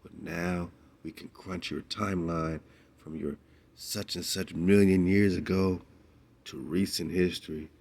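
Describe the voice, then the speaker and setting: A very low-pitched man talks loosely and excitedly as a radio host. He laughs often and drops slangy asides between his points. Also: a little slow, gravelly. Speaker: radio show host reacting to a documentary clip. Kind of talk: casual commentary.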